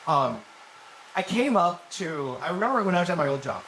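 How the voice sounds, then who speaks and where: A man's voice: fairly high pitch, big pitch swings, fairly quick, a bit bright. A man in his twenties doing a live stand-up set, rambling and profane, laughing at his own jokes. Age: 20s. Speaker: stand-up comedian. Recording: noisy live venue recording.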